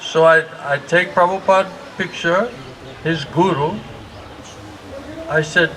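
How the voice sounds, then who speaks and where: Male spiritual teacher, unhurried comic storyteller with a higher voice, clear background noise. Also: fairly even intonation, pushed and bright, poor audio. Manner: slow storytelling with frequent laughter. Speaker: spiritual teacher giving a morning class. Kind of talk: humorous anecdotal lecture.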